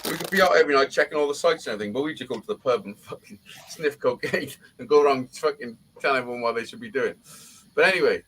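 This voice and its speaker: A man's voice: mid-range voice, fast talker, fairly bright tone, slight background noise, rough recording. A middle-aged man, telling a rambling story in casual chat and swearing constantly.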